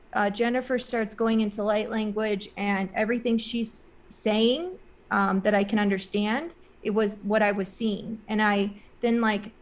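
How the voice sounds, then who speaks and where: A woman guest in an interview, telling a personal story in a casual, rambling way with many "like" and "um" fillers, earnest and emotional. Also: medium pitch.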